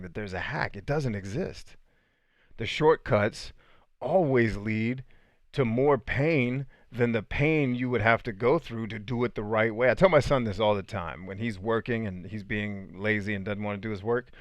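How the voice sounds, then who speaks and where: A middle-aged man hosting a live podcast, reading viewer comments aloud in a relaxed, chatty way and stumbling over names. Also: on the low side, no room sound, studio quality. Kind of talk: casual live-stream chat.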